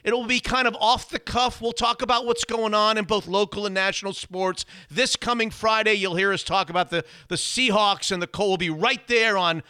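Bright, high-voiced male podcast host. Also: fairly even intonation, normal speed, few pauses, clean tone, dry recording, studio quality. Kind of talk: casual podcast chat.

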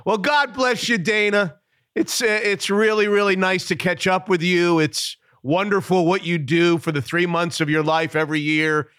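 Male radio host, high bright voice, friendly interviewer, dry studio. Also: fairly even intonation, moderate pace, clean tone, dry recording.

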